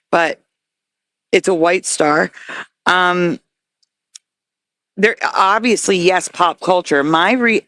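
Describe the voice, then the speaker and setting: A woman talking as an interview guest, earnest and excitable, often stopping and restarting her words. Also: fairly low pitch, no echo. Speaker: guest researcher. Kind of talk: casual interview talk.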